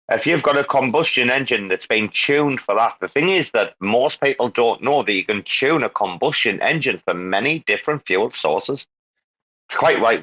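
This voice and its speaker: A man's voice: mid-range voice, fairly bright tone. Joking man host on a dull lo-fi line. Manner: joking, swearing, calls people darling. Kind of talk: casual chat on a live audio space.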